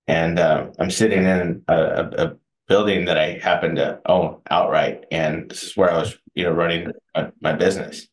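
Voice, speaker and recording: A middle-aged man joins as a real estate broker guest and talks in a measured, plain-spoken manner. His voice sits very low. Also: fairly even intonation, rough recording.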